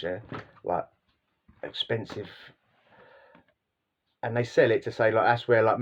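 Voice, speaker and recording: A man's voice: lowish voice, dull audio. A man vlogging, telling casual stories in a rambling, slangy way with lots of repeats and restarts. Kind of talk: casual storytelling monologue.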